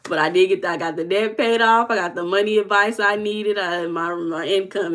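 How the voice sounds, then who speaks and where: A woman's voice: mid-range voice, steady tone, fairly quick, few pauses, fairly bright tone. A young woman coach chatting casually with viewers, telling stories and calling them y'all. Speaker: manifestation coach answering viewers live. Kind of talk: casual livestream chat.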